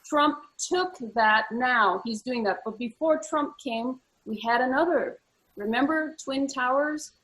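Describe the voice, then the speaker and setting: A woman's voice: sits high, unhurried, fairly bright tone, low-quality recording. A woman co-hosting a casual talk show, speaking earnestly with frequent fillers and repeated words. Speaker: co-host. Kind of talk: casual conversational chat.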